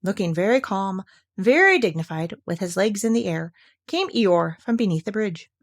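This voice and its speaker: Expressive woman reading a children's story. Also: mid-range voice, normal speed. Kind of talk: reading a children's book aloud.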